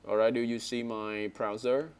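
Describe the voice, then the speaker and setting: A man's voice: mid-range voice, flat delivery, moderate pace, clear, resonant tone. A man teaching an online English speaking class over a headset, correcting words and checking in with frequent "all right?" prompts. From Vietnam.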